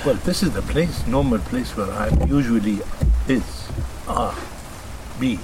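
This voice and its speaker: A man's voice: mid-range voice, animated, a little slow, background noise. An older man answering an interview hesitantly, in short replies. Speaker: interview guest.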